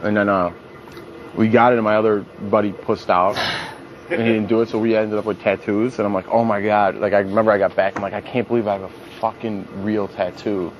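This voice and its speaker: A man's voice: lowish voice, brisk, dull audio, noisy background. A young man, a reality show contestant, casually telling profane stories and acting out what people said in a raised voice. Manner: animated, profane, acts out quotes in a raised voice. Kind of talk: casual storytelling.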